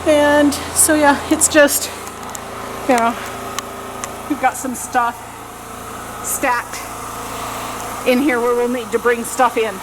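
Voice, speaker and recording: Woman vlogger, chatty and casual, fairly high voice, noisy camera audio. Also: steady tone, slow pace, long pauses. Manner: chatty, lots of fillers and "so". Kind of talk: casual vlog narration. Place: snowy cabin, indoors and out.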